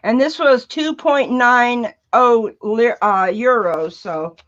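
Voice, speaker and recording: An upbeat woman chatting as a guest on a live art stream, eager and friendly. Her voice is fairly high and comes through dull, lo-fi remote call audio. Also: takes it slowly, a bit bright. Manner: upbeat and eager, greeting viewers. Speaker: guest artist. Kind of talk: casual live-stream chat.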